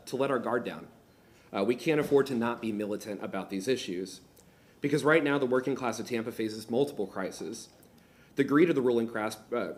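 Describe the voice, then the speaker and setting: A man giving an impassioned, militant public comment speech into a podium microphone in a city council chamber. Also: mid-range voice.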